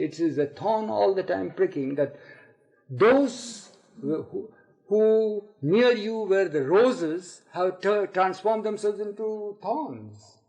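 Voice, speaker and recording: Older man with a gravelly voice, halting. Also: high-pitched, darkish tone, poor audio. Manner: halting, repeats words, laughs while telling stories. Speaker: storyteller. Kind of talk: spiritual reminiscence talk. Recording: archival tape recording.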